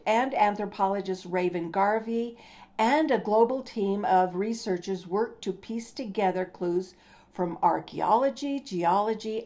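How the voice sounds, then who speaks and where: Older female host, slow mellow delivery, casual explainer, trips over names now and then. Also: medium pitch. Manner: unhurried, stumbles over names. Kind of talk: casual science talk.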